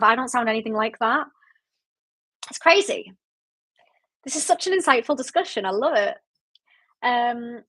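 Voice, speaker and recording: A higher-pitched woman in her late twenties speaks with a Yorkshire accent. She hosts a casual livestream and answers her viewers in a chatty, rambling way. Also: a bit bright. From Yorkshire, England. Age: late 20s. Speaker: book club livestream host. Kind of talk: casual livestream chat reading viewer comments.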